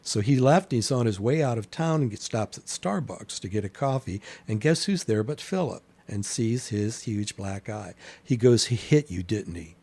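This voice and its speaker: A man's voice: medium pitch, moderate pace, creaky, few pauses. A man telling a long personal story in casual conversation, acting out what others said and dropping to near whispers for asides. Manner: animated storyteller, acts out quoted voices. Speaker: guest.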